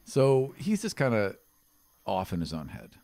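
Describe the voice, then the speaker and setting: Low-voiced male game master. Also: unhurried, creaky, no echo. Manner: relaxed, conversational, hesitant fillers. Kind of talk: narrating a tabletop game.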